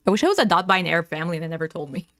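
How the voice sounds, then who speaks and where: A woman's voice: lowish voice, very animated, racing, fairly bright tone. A woman hosting a reaction stream, talking back at a clip and thinking aloud in casual commentary. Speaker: reaction channel host.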